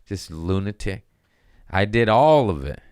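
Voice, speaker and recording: Deep, animated profane comedian. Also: male voice, unhurried, smooth, no room sound, clean studio sound. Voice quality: profane, animated, acts out voices. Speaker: comedian and podcast host. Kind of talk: casual comedic rant.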